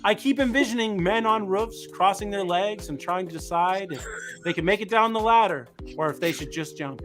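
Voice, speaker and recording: A man with a fairly high voice reads reviews aloud in a dry, deadpan way, like a co-host on a casual live chat show. Faint music runs underneath. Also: normal speed. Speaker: podcast co-host.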